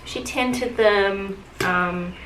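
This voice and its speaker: A woman's voice: mid-range voice, very slow. A young woman chatting casually while doing her makeup, telling a story with lots of fillers. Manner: chatty, many fillers, animated retelling. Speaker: beauty vlogger. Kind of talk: casual get-ready-with-me storytelling. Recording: echoey room with faint hiss.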